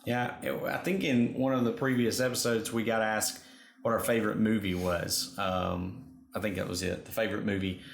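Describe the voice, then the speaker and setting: Host: man, low gravelly voice, reflective, lots of fillers. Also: flat delivery, normal speed, echoey room. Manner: reflective, thinks aloud with many fillers. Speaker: podcast co-host. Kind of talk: casual chat.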